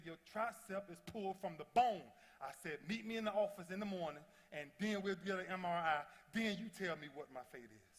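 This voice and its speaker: A man in his thirties giving an impassioned motivational speech, telling stories that swing from loud to hushed. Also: high voice. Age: 30s. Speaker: motivational speaker. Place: large convention hall before a big audience. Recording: long reverb of a large hall.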